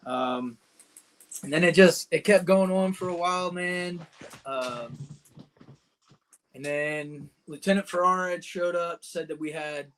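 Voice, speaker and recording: Vet guy telling a war story on a podcast, swears a lot, says dude constantly, voice on the higher side. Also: measured pace, pauses often, fairly bright tone. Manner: profane, vivid war storytelling with lots of "dude" and "man". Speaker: podcast guest, combat veteran. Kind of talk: casual storytelling.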